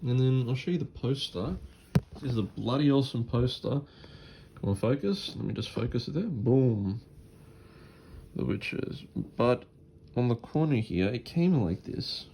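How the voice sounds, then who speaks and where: A man talks casually through an unboxing of a film he loves. He rambles, circles back on his words and fills the gaps with ums. His voice sits at an ordinary middle pitch. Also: lively intonation, normal speed, gravelly, darkish tone, slight background noise. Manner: rambling, with many fillers and restarts. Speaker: collector reviewing a film release.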